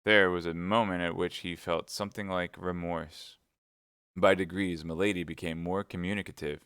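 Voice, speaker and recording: Low-voiced man reading a classic novel. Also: fairly even intonation, normal speed, fairly bright tone, clear, resonant tone, no room sound, clean studio sound. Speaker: reader, streamer. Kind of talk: live audiobook reading.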